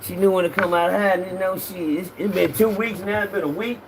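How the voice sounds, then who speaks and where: This livestream host, a middle-aged man, rambles casually into his phone, calling out viewers by name and spinning profane, loose stories. He speaks quickly in a high, steady voice. Slight background noise is audible.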